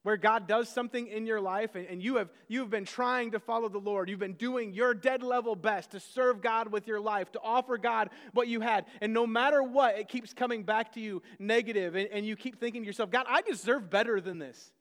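Man, pastor, sermon, conversational, self-deprecating, high voice, long reverb. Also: steady tone, brisk, few pauses, a bit bright.

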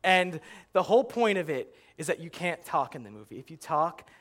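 Bright-voiced young man doing stand-up. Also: fairly high pitch, moderate pace. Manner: animated storytelling, acts out yelling at the screen. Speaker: stand-up comedian. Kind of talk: stand-up comedy routine.

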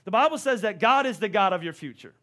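High, bright-voiced energetic male pastor. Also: fast. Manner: energetic, repeats words when stressing a point. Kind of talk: sermon.

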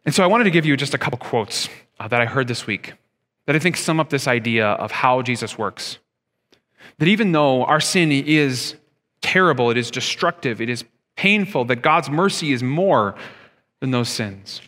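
A man in his thirties preaches a sermon as pastor, speaking conversationally and posing rhetorical questions to his listeners. His medium-pitched voice is animated, bright, and forceful at a normal speed, with long hall reverb on the recording.

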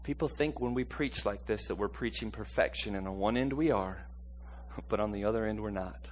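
A man delivers a sermon that moves between quiet, slow stretches and loud, high-pitched bursts. He chuckles often and has the congregation repeat after him, and there's a faint hiss or hum.

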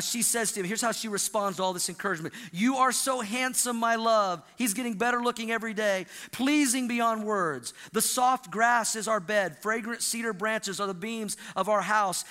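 A male pastor delivers an animated sermon, his voice high and sharply bright. He gets the congregation to repeat lines back to him. The sound carries the long reverb of a large church hall. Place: church sanctuary.

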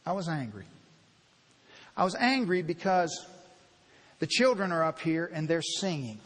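A man preaching from the pulpit in a church sanctuary, sharing his heart in a candid, conversational sermon. His fairly high voice rings out with a long, lingering reverb. He speaks gently and then pushes up into emphatic, louder stretches. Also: very animated, unhurried. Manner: heartfelt, confessional, builds to emphatic bursts. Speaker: pastor.

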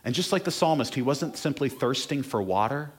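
A male pastor preaching a sermon, moving from quiet, slow, tender lines to loud, emphatic declarations. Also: medium pitch, expressive, slightly rough.

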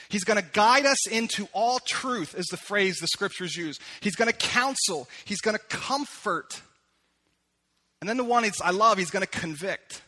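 A male pastor preaching from the front of a church sanctuary. His voice sits high and sounds bright and forward. He talks to the congregation in a relaxed, conversational way and slows down deliberately when he reads scripture. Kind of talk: sermon.

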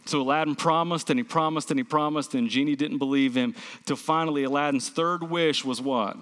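A man preaches a sermon with emphatic force, pressing his listeners with questions and answering them himself. His voice sits high for a man. The sound carries the long reverb of a church hall. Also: fairly even intonation, fairly quick, fairly bright tone. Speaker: pastor.

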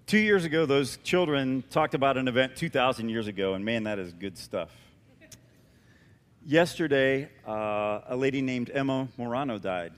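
A man preaching a sermon as pastor, animated and emphatic with a conversational touch, in a church. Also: medium pitch, moderate pace, long reverb tail. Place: church sanctuary.

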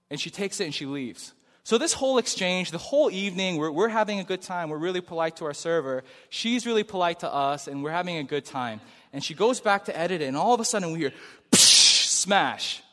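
A man recounts a personal story to an audience in a slightly high voice. He talks in a casual, animated way and acts out the sounds and quotes. His voice carries a long reverb from a large hall. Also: quick pace. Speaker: speaker telling a personal story.

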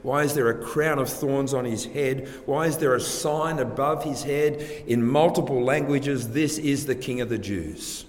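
A man's voice: medium pitch, measured pace, hardly any pauses. Man preaching in a reverberant hall. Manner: earnest, rhetorical questions, varies loudness for emphasis. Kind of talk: sermon. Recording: long hall reverb, faint background ambience.

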